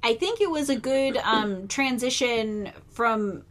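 A woman co-hosting a casual podcast, her voice slightly high. She explains things in an organized, measured way, pausing with fillers as she works through her points. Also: lively intonation, fairly bright tone. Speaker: podcast co-host. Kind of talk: casual chat.

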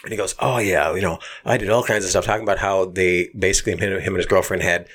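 A man co-hosting a casual chat, retelling a story in a profane, animated way with lots of restarts. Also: low-pitched, fast talker, husky.

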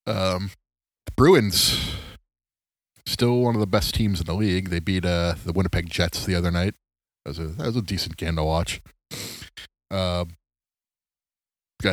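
Late at night, a man hosts a solo podcast about sports, his voice sitting low with no room sound. He rambles casually, pokes fun at himself, and sounds tired, yawning as he talks.

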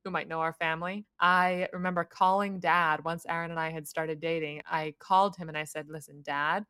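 A young woman telling her own story in a casual podcast chat, animated and laughing often. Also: lowish voice, fairly quick, clear, resonant tone, no echo, studio quality.

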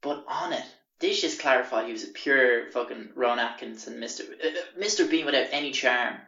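A man's voice: mid-range voice, a little fast, creaky, recorded from a distance. Young man, podcast host, profane storytelling, roomy echo, dull lo-fi sound. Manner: profane, animated anecdote-telling. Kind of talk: casual storytelling.

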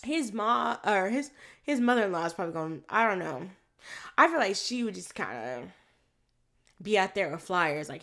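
A woman in casual chat recapping a film, animated and profane, acting out the characters' lines as she goes. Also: medium pitch, normal speed, gravelly.

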